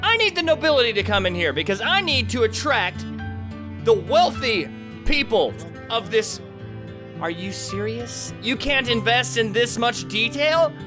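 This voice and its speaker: A man hosting a let's play, chatting to himself as he plays and swinging between loud outbursts and quiet mumbling. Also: very high voice, animated, a little slow, music in the background. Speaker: gaming channel host.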